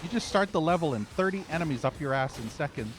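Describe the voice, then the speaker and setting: A man's voice: a little high, animated, quick pace. A man streaming a shooter game, giving live commentary with frequent profane, frustrated rants. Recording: game music and gunfire behind.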